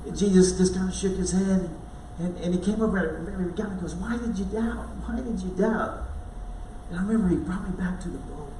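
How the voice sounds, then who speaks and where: A man giving a dramatic first-person Bible monologue in church, halting and repeating words as he tells the story. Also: sits high, a little mellow, slight background noise. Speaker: church speaker. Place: church sanctuary. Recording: echoey room, voice from far off.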